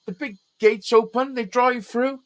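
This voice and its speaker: A man spins a story in loose, casual chat, swearing freely and getting animated as he goes. His voice sits fairly high for a man. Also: a little slow. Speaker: host.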